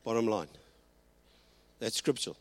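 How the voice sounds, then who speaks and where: A man preaching a sermon, moving between Afrikaans and English and slowing down to stress key lines. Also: fairly low pitch, no echo. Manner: switches between Afrikaans and English, slows and rises for emphasis. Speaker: pastor.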